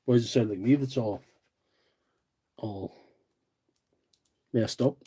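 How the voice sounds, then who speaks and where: A man's voice: medium pitch, slow, warm tone, slightly rough. A man with a rural County Derry accent, hosting a repair livestream and chatting in a rambling, self-deprecating way while he works. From Northern Ireland, County Derry. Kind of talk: casual chat while repairing tools.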